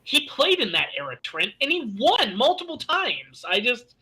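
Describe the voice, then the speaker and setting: A man co-hosting a casual sports podcast, talking in excitable, fired-up rants with some swearing. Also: extremely high pitch, normal speed, low-quality recording. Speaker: podcast co-host.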